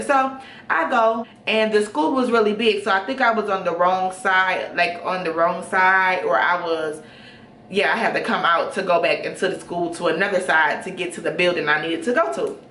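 A young woman telling a story casually, chatty and animated with lots of fillers. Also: on the low side, recorded from a distance, a little hiss or hum. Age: young adult. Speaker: vlogger. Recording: roomy room, off-mic.

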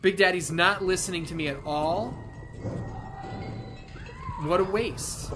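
A man giving profane, excitable let's play commentary, talking back to the game as he plays. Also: high-pitched, background noise. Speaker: gamer. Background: video game music and sounds.

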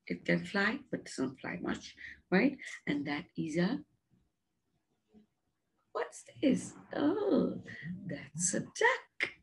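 A woman's voice: lowish voice, huge pitch swings, slow pace, vocal fry, long pauses, breathy edge. A woman teaching a science lesson to young children in a coaxing, sing-song way, often asking them questions. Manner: coaxing, gentle with the animals. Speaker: preschool teacher.

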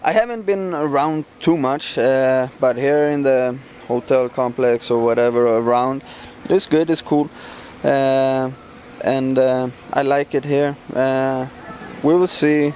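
Fighter, halting casual answers. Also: male voice, medium pitch, fairly even intonation, a little mellow, slight background noise. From Sweden. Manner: halting, many fillers and restarts. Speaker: MMA fighter, champion.

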